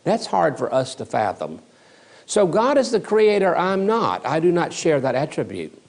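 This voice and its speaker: Animated male theology lecturer. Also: fairly high pitch, normal speed, gravelly. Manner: emphatic, repeats key words for stress. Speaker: seminary lecturer.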